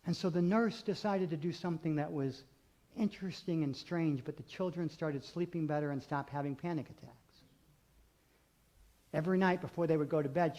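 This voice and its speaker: A male pastor giving a sermon in rhythmic, repeated phrases, swinging between loud emphatic calls and hushed intimate lines, and leading his congregation in call and response. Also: a little high.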